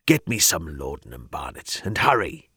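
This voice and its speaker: A man's voice: extremely low pitch, sing-song, normal speed, bright, forceful tone, breathy edge, no echo, studio quality, voice pushed down, exaggerated voice. A man putting on a bellowing, peevish Victorian detective. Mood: sulky. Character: irritable portly Victorian private investigator, pompous.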